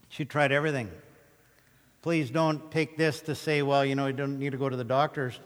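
A man preaching a sermon, telling Bible stories with animated, acted-out retellings of the scenes. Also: medium pitch, long reverb tail. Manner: animated storytelling, acting out scripture scenes. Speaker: pastor.

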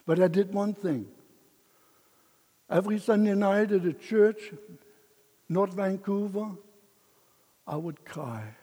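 A man's voice: high-pitched, slow, pauses often, dark tone, big-room sound. An older man giving an emotional personal testimony as a missionary speaker, chuckling between lines.

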